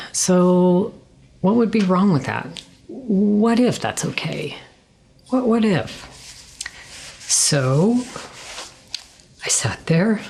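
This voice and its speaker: A woman's voice: sits low, a little mellow, breathy edge. A middle-aged woman telling an earnest, emotional personal testimony, acting out remembered words and sometimes dropping to a whisper. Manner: earnest, emotional, acts out her own and others' words with whispers and pauses. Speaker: guest sharing her testimony. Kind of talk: personal testimony, conversational storytelling.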